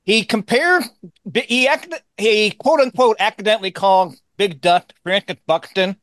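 A man co-hosting a casual podcast, his voice sitting a bit high. He talks emphatically, curses freely and stumbles into restarts. The sound is dry and close. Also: unhurried, fairly bright tone, no echo. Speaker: podcast co-host. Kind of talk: casual chat.

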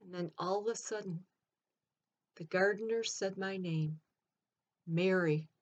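A woman playing Mary Magdalene, telling her own story in an earnest, expressive first-person monologue. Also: fairly low pitch, a little slow, muffled recording.

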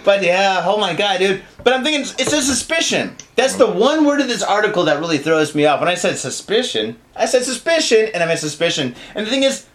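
High-pitched dude cohosting a comedy podcast, swears constantly, rambles and riffs. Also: male voice, big pitch swings, fairly quick, few pauses, fairly bright tone, slight background noise. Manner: profane, rambling, acts out bits in silly voices. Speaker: podcast co-host. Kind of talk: casual comedic chat.

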